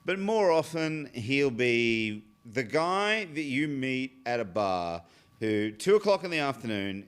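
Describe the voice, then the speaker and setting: Smooth-voiced casual male host. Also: medium pitch. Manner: relaxed, explanatory, swears casually. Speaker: host of a whiskey tasting show. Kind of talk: casual tasting chat.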